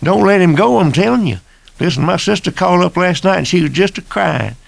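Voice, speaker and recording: A man voicing a shrill, accusing country deputy. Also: expressive, fairly quick, vocal fry, no echo, exaggerated voice. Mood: pleading. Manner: shrill, insistent, rustic dialect. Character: loud, accusing small-town male deputy.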